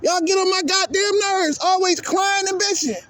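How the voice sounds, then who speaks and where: A man's voice: very high voice, fairly even intonation, normal speed, a bit bright. A man hosting his own sports channel, delivering a heated, profane, repetitive rant at his viewers. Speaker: sports vlogger. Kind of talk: angry ranting monologue.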